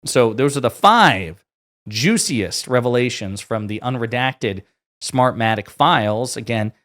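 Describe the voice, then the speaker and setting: A man's voice: mid-range voice, animated, a little slow, fairly bright tone. A man hosting online political commentary, reading quotes aloud and adding blunt sarcastic asides.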